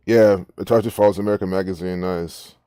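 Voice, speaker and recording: A man's voice: low-pitched, steady tone, fairly quick, dark tone, clean tone, no room sound, clean studio sound. A man giving rambling, profane, incredulous commentary while reading social media posts. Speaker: online commentator.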